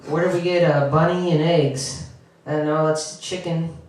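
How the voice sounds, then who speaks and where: A young man doing a halting, awkward stand-up comedy set, often restarting and chuckling. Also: a little high, fairly even intonation, a little mellow. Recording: echoey room from far off.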